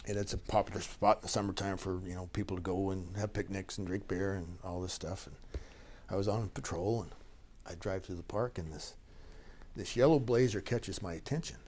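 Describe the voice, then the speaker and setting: A middle-aged man, a county sheriff, telling a story in a folksy, animated way during an interview, laughing now and then. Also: deep voice, a little fast, a little hiss or hum. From Idaho.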